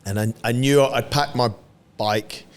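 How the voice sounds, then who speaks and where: A man's voice: mid-range voice, fairly even intonation, measured pace, smooth. A man in a podcast interview, telling a story in a casual way. He laughs often, swears and acts out what others said. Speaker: podcast guest.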